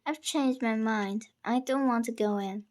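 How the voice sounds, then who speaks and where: A woman's voice: fairly high pitch, measured pace, darkish tone, natural voice. A woman reading aloud, voicing a frightened, grieving young schoolgirl who pleads and sometimes whispers. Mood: pleading.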